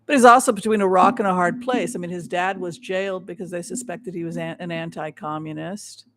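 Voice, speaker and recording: A man's voice: high-pitched, steady tone, brisk, pushed and bright. A man hosting a livestream of psychic readings and tarot commentary. He rambles with many restarts and makes his points with emphasis. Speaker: psychic show host.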